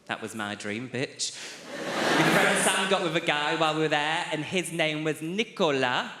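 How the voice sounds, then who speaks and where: A man performs stand-up in a large theatre, his slightly high voice animated and at a moderate pace. Chatty and confiding, he teases audience members by name, and the recording carries echo and faint crowd noise.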